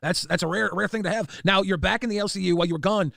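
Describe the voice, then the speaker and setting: A man's voice: high-pitched, rapid-fire, creaky, fairly bright tone, dry recording, studio quality. A man co-hosting a livestream, teasing and questioning the guest in laid-back banter. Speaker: co-host asking questions. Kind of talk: casual livestream chat.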